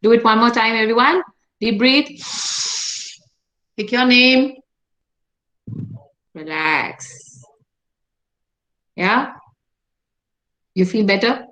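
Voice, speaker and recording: This workshop speaker has a fairly high, fairly bright voice and an Indian English accent, speaking a little slowly with frequent pauses. The video call audio sounds muffled as she leads her online session, engagingly asking the audience questions and encouraging their answers.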